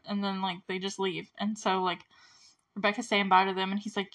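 A young woman talks through a movie scene by scene in a loose, casual way. She giggles often and leans on filler words as she goes. Her voice sits at an everyday middle pitch. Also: normal speed, bright, forceful tone. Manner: chatty, giggly, many "like" fillers. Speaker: movie review host.

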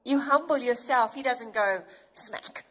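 A woman with a high voice preaching a sermon. She speaks tenderly and with deep feeling, and her voice sometimes breaks with emotion. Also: unhurried, fairly bright tone, low-quality recording.

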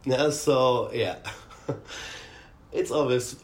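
Slow, halting man in an echoey room. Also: mid-range voice. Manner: hesitant, halting, trailing off softly. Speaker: guest who works with athletes. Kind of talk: casual conversation.

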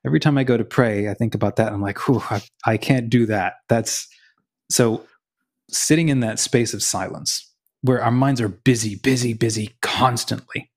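Male podcast co-host, mid-pitched, casual storyteller who acts out quotes. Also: normal speed, husky. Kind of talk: casual conversation on faith.

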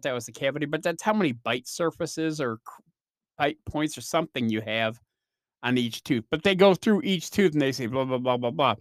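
A man hosts his own podcast in a casual solo chat, telling rambling, self-deprecating stories packed with fillers. His voice is on the high side. The recording has studio quality with no room sound.

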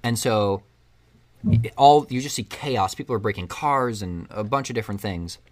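A man's voice: lowish voice, normal speed. Rambling man retelling a movie. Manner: rambling, animated storytelling with quoted lines. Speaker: co-host recapping a film. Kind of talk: casual chat.

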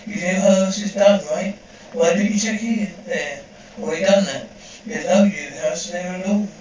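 A man's voice: sits high, normal speed, a little mellow. A man reading a dubbed horror scene aloud, speaking the sound cues between the lines. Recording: distant, echoey, dull and slightly noisy.

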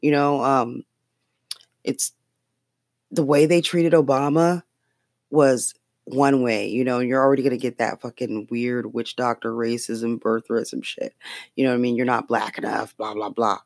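Chatty podcast host, swears a lot, keeps laughing, mid pitch, dead dry mic. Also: fairly even intonation, moderate pace, no echo. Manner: rambling, profane, laughs often. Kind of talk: casual political chat.

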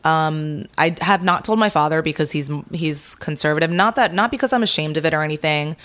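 A young woman speaking frankly as an interview guest, retelling conversations with lively energy. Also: low-pitched, fairly quick. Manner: frank, animated when retelling talks.

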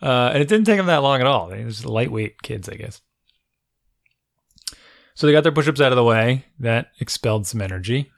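Middle-aged guy on a podcast mic, gravelly, chatty, telling stories about his kids, dry sound. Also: medium pitch, animated, a little fast, long pauses, dry recording. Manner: chatty storyteller, parent anecdotes. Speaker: podcast co-host. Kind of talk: casual chat. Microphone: studio microphone.

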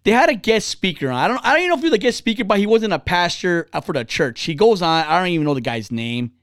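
Talk-show host, male, high and animated voice, casual and candid storytelling, dry close sound. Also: quick pace, no echo. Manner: candid, rambling, with frequent restarts and laughs.

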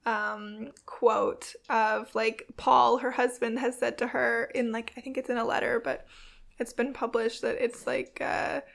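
Young woman cohost, lots of vocal fry, excited and chatty. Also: on the high side, a little slow. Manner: enthusiastic, filler-heavy chat. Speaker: co-host. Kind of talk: casual chat.

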